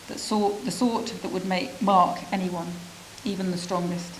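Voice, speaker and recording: A woman's voice: mid-range voice, a little hiss or hum, low-quality recording. Woman reading a reflective prose story. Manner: measured, reflective, with pauses. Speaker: reader of a refugee's story. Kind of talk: reading a literary prose piece aloud.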